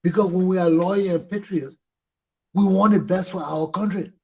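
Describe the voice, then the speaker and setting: A middle-aged Liberian man with a Liberian English accent hosts a talk show, delivering a fiery, impassioned monologue at normal speed in a steady tone. His fairly high voice has a husky, rough edge, and he drives his points home through repetition and swearing. The audio quality is poor.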